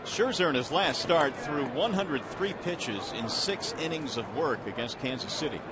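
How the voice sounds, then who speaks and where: A man doing baseball play-by-play from a stadium booth, calm between pitches and rising sharply on big plays. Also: normal speed. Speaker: play-by-play announcer. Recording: broadcast with loud stadium crowd and noise. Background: loud ballpark crowd.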